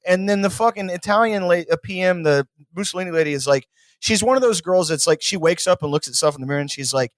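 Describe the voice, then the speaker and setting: A man's voice: high voice, animated, quick pace, no echo, studio quality. A man from Texas co-hosting a podcast, chatting in a rambling, profane, joking way and slipping into mocking voices. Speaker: podcast co-host. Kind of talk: casual comedic chat.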